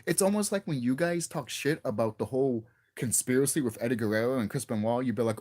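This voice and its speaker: A man's voice: medium pitch, fast talker, few pauses, darkish tone. A young man ranting casually to his viewers as a wrestling vlogger, profane and exasperated, often restarting and repeating himself.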